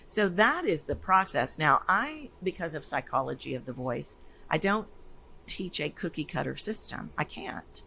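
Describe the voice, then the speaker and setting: A woman's voice: deep voice, normal speed, vocal fry, husky, rough recording. A woman, a voice coach being interviewed, talking energetically and emphatically in a casual conversation. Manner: energetic, emphatic, animated storytelling. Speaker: voice coach guest.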